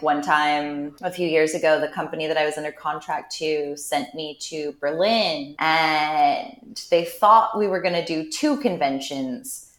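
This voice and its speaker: A woman guest on a podcast, telling candid stories in a dry, wry, blunt way, breaking into laughs. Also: low-pitched. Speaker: interview guest. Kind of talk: candid conversational storytelling. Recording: roomy echo on the voice.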